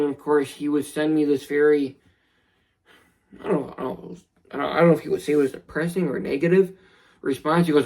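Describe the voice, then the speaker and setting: A young man telling a personal story in a vlog, earnest and somber, halting with many restarts. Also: fairly high pitch, fairly even intonation, vocal fry, darkish tone, poor audio. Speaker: vlogger.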